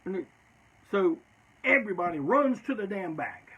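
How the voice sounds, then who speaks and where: A man's voice: high-pitched, big pitch swings, moderate pace, muffled recording, noisy background. A man telling stories in a loose, rambling, profane way, often tacking "man" onto his sentences. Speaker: storyteller. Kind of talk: casual storytelling.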